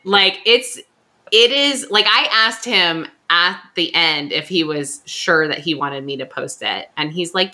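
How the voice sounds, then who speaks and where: A woman's voice: lowish voice, unhurried, bright, forceful tone. A woman with a Californian Valley Girl accent, co-hosting a podcast in a chatty, giggly way and filling her talk with "like". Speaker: podcast co-host. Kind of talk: casual chat and ad read.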